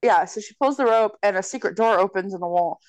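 A woman's voice: mid-range voice, brisk, no echo, lo-fi sound. Young woman animatedly retelling a story. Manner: animated storyteller, swears freely, acts out lines. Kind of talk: casual chat, retelling a horror movie.

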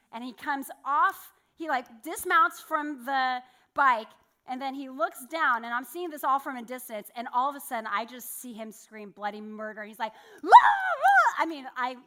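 A woman's voice: sits high, bright, forceful tone. A woman giving a sermon, telling a personal story in a candid, self-deprecating way with laughs. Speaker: church speaker.

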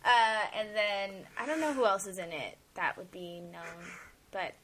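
A woman's voice: mid-range voice, lively intonation, moderate pace, crowd noise. A young woman guest on a casual podcast, upbeat and enthusiastic, talking with many fillers. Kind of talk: casual chat.

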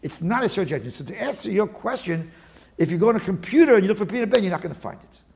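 A man interviewed as a guest, explaining his work in an animated, digressive way with many restarts. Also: high voice, very fast, gravelly, a little hiss or hum. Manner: animated, digressive, with frequent restarts and Talmudic terms. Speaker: guest, attorney and index author. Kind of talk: casual interview talk.

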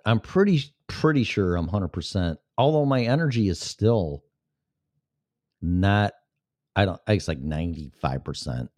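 A man with a deep, low voice talks to his live podcast audience in a loose, rambling way, swearing freely and joking with heavy sarcasm. The sound is dry and close, with no room around it. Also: darkish tone, no echo. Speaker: podcast host. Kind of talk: casual live-stream monologue.

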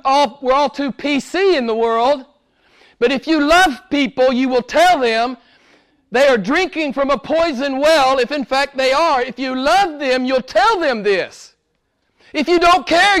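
A male preacher with a high voice delivers a sermon. He hammers his points with repeated phrases. He swings from low, quiet stretches to raised, forceful passages.

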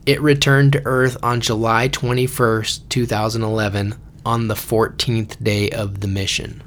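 A man's voice: fairly low pitch, flat delivery, measured pace, a bit bright. A man hosting a casual podcast, reading facts from notes and joking with friends. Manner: joking, laughs often, reads facts from notes. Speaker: podcast host. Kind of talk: casual chat.

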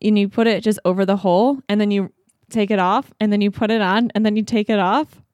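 A woman's voice: mid-range voice, steady tone, a little fast, a little mellow, no echo, dull audio. A woman co-hosting a podcast, chatting playfully and bawdily with frequent laughter. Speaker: podcast co-host. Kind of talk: casual chat.

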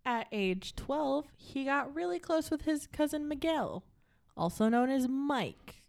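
A woman's voice: high-pitched, animated, measured pace, gravelly, a little mellow. A woman hosting a casual true-crime podcast, telling the case with jokey asides and frequent laughs. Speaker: podcast host presenting the case.

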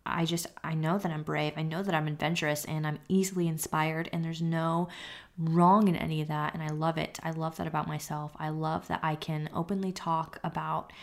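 A young woman with a fairly low voice talks straight into the mic as the host of her own podcast. She is open and confessional, casual, and swears now and then. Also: level tone, fairly quick, vocal fry. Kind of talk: candid solo podcast talk.

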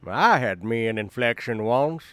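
A man's voice: mid-range voice, expressive, unhurried, fairly bright tone, smooth, dry recording. Man doing a dim, blustering guy.

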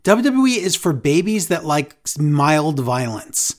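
A man's voice: a little high, very animated, measured pace. A man co-hosting a podcast, recapping a show in casual chat, with sarcastic, exasperated asides. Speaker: podcast co-host.

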